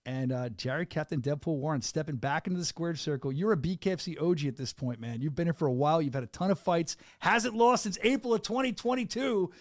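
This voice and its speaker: A middle-aged man hosting a podcast, joking and animated in casual chat. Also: a little high, dry recording, clean studio sound. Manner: animated, joking, fast-talking. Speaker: podcast host.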